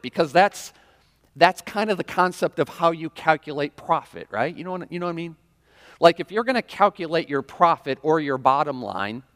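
Conversational male preacher in a reverberant church. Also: a little high. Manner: conversational preaching with frequent "right?" and audience questions. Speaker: pastor. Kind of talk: sermon. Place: church sanctuary. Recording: long reverb of a large hall.

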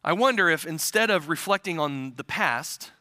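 A man's voice: fairly high pitch, lively intonation, normal speed. Male pastor in his forties giving a chatty sermon; long church-hall reverb on the voice. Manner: conversational, warm humor with many restarts. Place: church sanctuary.

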